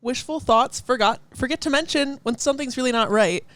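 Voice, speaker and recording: A woman's voice: high voice, fairly quick, a bit bright, no echo. A woman co-hosting a podcast, chatting casually with lots of giggles and rambling asides. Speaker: podcast co-host. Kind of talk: casual chat.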